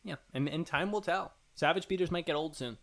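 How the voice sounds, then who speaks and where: A man with a bright, forward voice that sits a little high talks casually as a podcast co-host. He thinks out loud, restarting sentences and padding them with ums and likes. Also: brisk. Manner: rambling, thinks aloud with fillers and restarts. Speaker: podcast co-host reading listener emails. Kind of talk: casual chat.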